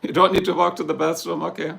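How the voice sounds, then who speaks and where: A livestream host from Germany chats casually with viewers, replying to their comments in a rambling, humorous way and with a German accent. He has a fairly high, creaky, fairly bright voice, a level tone, and a quick pace.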